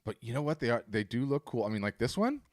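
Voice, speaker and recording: A man's voice: mid-range voice, very animated, fast talker. A man hosting a webinar on a video call, coaching an artist in a casual, emphatic way and often repeating his words. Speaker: webinar host and art business coach.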